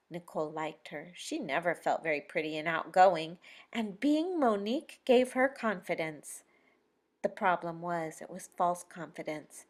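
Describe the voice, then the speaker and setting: A woman author narrating her own novel as an audiobook, with expressive storytelling and lively emphasis. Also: lowish voice.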